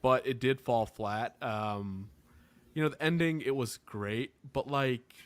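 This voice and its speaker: A man's voice: medium pitch, takes it slowly. Easygoing man in casual chat. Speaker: podcast co-host.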